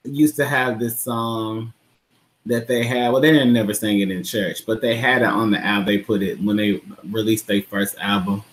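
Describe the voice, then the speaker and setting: A man co-hosting a live talk show, joking about church and doing high mock voices of old church folks. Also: normal speed. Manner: animated, mimics church folks in high squeaky voices, stammering bits. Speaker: co-host. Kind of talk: comedic church-humor banter.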